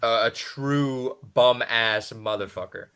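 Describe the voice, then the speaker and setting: A man's voice: medium pitch, slow pace, clear, resonant tone. A man co-hosting a podcast, telling stories and joking in casual chat. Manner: animated storyteller, joking. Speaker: podcast co-host.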